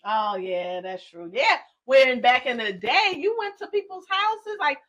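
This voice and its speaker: A woman's voice: high voice, animated, a bit bright, dull audio. A woman from Detroit co-hosting a podcast, leading topics in casual chat and readily agreeing. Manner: agreeable, leads topics, quick to affirm. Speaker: podcast co-host.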